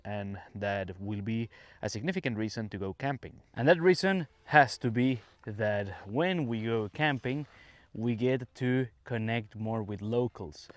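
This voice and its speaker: A man from Venezuela with a Venezuelan Spanish accent, a native Spanish speaker, hosting a podcast for English learners in a chatty, relaxed way. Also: mid-range voice, no echo. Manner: chatty and relaxed, acts out quoted dialogue. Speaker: English teacher and podcast host.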